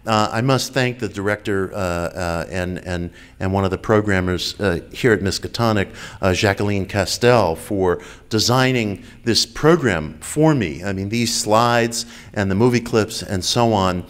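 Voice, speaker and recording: A man's voice: fairly low pitch, a little slow, few pauses, clean tone. A man giving a public lecture in an enthusiastic, wry way, with frequent fillers.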